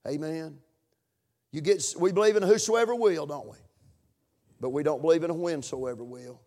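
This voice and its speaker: A man preaching in church with a somewhat high voice. He builds to loud, emphatic lines, then drops to quiet asides to the congregation. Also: normal speed. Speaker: pastor. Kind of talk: sermon.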